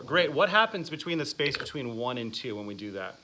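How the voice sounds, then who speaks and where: A man's voice: mid-range voice, very animated, a little fast, few pauses, background noise. A man teaching a music masterclass, asking the class questions and counting out phrasing exercises. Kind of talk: classroom instruction.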